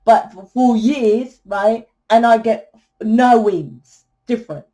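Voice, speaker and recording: A woman's voice: on the high side, slow, dark tone. A woman giving a tarot reading in a fiery, blunt monologue, swearing freely and asking "right?" often. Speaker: tarot reader.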